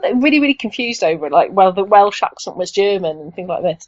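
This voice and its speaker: A woman's voice: mid-range voice, lively intonation, fast talker, no echo, muffled recording. A woman guest on a podcast, chatting enthusiastically and rambling with plenty of fillers. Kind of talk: casual chat.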